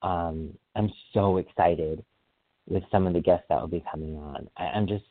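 A man hosting a solo podcast, chatting casually in an excitable, rambling way and often apologizing for going off track. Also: sits low, moderate pace, dry recording. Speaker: podcast host. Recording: dry, phone-like sound.

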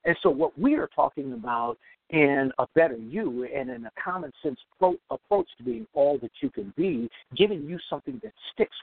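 A man hosting a motivational podcast, speaking emphatically and repeating key phrases slowly so listeners can take notes. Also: fairly high pitch, vocal fry, no echo. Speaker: podcast host and self-improvement speaker. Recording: tinny phone-like recording.

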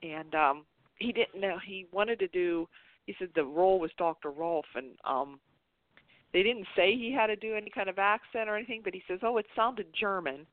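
A woman's voice: mid-range voice, normal speed, dry recording. A woman hosting a casual internet radio chat, talking in a rambling, chatty way with restarts and laughs. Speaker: show host. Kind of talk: casual chat about soap operas. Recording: tinny phone line, dry.

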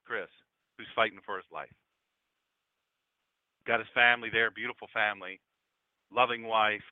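A man, a pastor hosting an internet radio show, talking in a folksy, animated, conversational preaching style straight to his listeners. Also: medium pitch, no echo. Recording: dry, phone-like lo-fi line.

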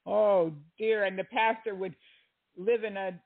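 Exasperated high-voiced male commentator. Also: fairly even intonation, measured pace, gravelly. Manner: exasperated, sarcastic. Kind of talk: critical commentary. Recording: tinny lo-fi audio.

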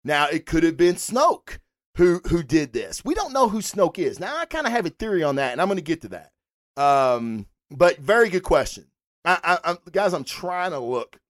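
A fan-show host rambles through a casual livestream, answering viewers in chat as he goes. The talk is animated and full of swearing, and the pitch swings up and down with energy. The sound is close and dry. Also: moderate pace, no room sound.

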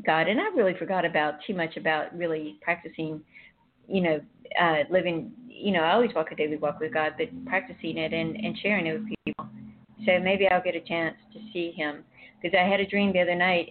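A woman's voice: fairly low pitch, steady tone, brisk, a little hiss or hum. A woman telling a personal faith story in casual chat, emotional and rambling with frequent restarts. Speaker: guest sharing a personal story. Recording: tinny phone line.

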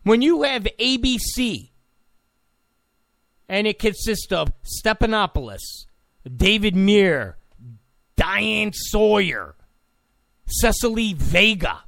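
A man's voice: high-pitched, big pitch swings, slow pace, gravelly, pauses often, a bit bright, no room sound, clean studio sound. A man delivering a political opinion monologue in an emphatic, repetitive, ranting way. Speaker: political commentator.

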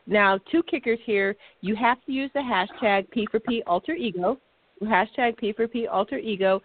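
A woman's voice: mid-range voice, normal speed, no room sound. A woman co-hosting an internet radio talk show, chatting cheerfully and reading out contest details. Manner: bubbly, laughs often. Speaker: co-host. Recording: dry phone-line audio.

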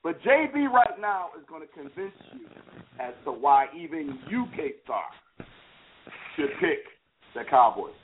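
A man hosting a casual sports talk show, animated and teasing, speaking with emphasis. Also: fairly high pitch, measured pace, a little hiss or hum. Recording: phone-like lo-fi line.

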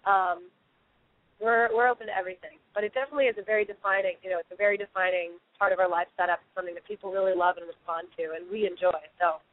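A woman's voice: mid-range voice, fairly even intonation, very fast, no room sound. Rambling woman musician on a phone line. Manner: rambling, heavy with fillers and restarts. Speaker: musician guest. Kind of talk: casual interview chat. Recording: tinny phone line, dry.

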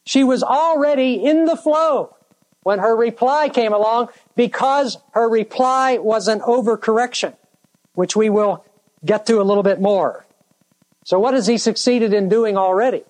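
A preacher delivering a sermon in a deliberate way, stretching out key words for emphasis. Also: mid-range voice, a little mellow, low-quality recording.

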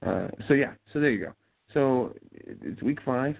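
A man's voice: mid-range voice, lively intonation, moderate pace, vocal fry, slight background noise. A man from Ohio hosting a casual talk show, mumbling and rambling with many fillers and restarts. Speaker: podcast host. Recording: tinny phone-like sound.

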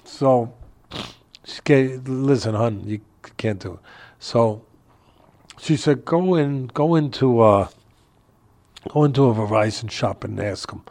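An older man, a boxing trainer, telling a story in a casual interview from his home, animated and laughing as he talks. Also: mid-range voice, measured pace, long pauses. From New York area.

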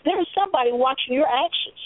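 A woman's voice: high voice, animated, fast talker, no echo. A woman hosting a casual discussion, emphatic and blunt, with some swearing. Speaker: host. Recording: phone-like lo-fi audio.

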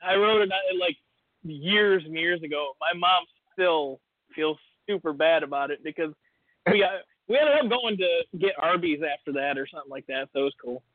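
A man's voice: on the high side, normal speed, no echo. A man co-hosting a podcast in casual chat, telling a rambling story and acting out the voices of the people in it. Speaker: podcast co-host. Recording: tinny phone-like line, dry.

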